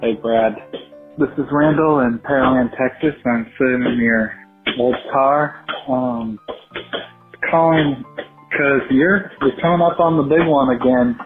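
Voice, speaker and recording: A man's voice: medium pitch, fairly even intonation, unhurried, music in the background. A man leaves an enthusiastic voicemail, rambling through his thoughts. He sounds thin and tinny, as if heard over a phone line. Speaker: caller.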